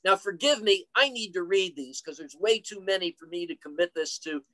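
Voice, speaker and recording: A man's voice: high-pitched, expressive, moderate pace, pushed and bright, dry recording, low-quality recording. An older man presenting an online career talk, chatty and full of stories and joking asides. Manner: chatty, storytelling, jokey asides. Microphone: computer mic on a video call.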